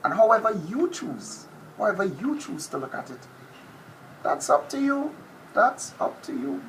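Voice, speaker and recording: A man doing an impression of a brash, boastful male TV personality, with a theatrical, drawn-out delivery that drops to whispers. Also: sits high, very animated, vocal fry, a bit bright, pitched above the performer's own voice, heavily acted. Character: brash boastful male TV personality, self-proclaimed top predator. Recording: noisy background ambience.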